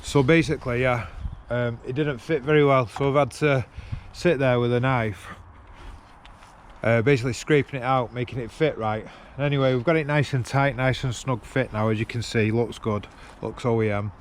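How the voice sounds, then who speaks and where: Slight background noise accompanies this mid-range, steady male voice at a moderate pace. The car vlogger swears casually while working on a car outside by the road, talking bluntly into a gimbal-mounted handheld camera.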